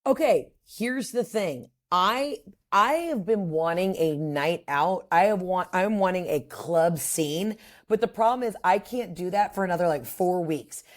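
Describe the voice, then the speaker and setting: A woman comedian, a guest on a podcast, telling stories in a brash, crude, animated way. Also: fairly low pitch, measured pace. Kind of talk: casual interview chat.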